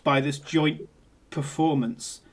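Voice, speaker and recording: A game master narrating a tabletop game in a playful, chatty way. The voice sits at an ordinary middle pitch, and the pace often speeds up mid-scene. Laughter and frequent filler words run through the telling. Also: steady tone, slow.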